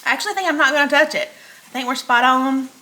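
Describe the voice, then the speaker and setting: A cooking channel host with a high, sharp voice chats quickly with viewers during a home cooking demo. She keeps it casual and giggles often.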